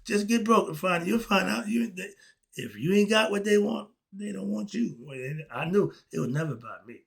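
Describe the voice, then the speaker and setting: Gravelly-voiced older man musing casually. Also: high-pitched, expressive, moderate pace. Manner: emphatic, laughing asides, swings loud and soft. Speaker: commentator. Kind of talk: casual monologue.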